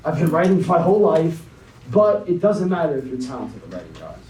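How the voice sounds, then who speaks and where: A young man as a guest speaker, slowly and dramatically reading a spoken word poem, then talking to a young audience. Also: on the high side, animated, a little mellow, a little hiss or hum. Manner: slow, dramatic poetry reading. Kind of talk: spoken word poetry then motivational talk. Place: conference hall. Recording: echoey hall, mic at a distance.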